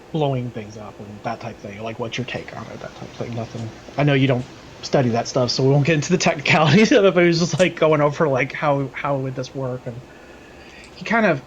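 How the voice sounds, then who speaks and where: A man's voice: medium pitch, highs cut off, slight background noise. A man narrating as game master of a tabletop game, building scenes with loose, hesitant descriptions. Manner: describing scenes with many fillers and restarts.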